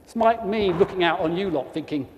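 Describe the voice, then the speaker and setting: A man's voice: high voice, fairly quick, highs cut off. Chatty south east english guy giving a church talk, keeps asking the crowd "isn't it?", long echo tail, bit of hiss. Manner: chatty, keeps asking the audience tag questions. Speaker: guest speaker for a charity. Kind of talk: informal church talk to a congregation. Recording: long church reverb, faint noise.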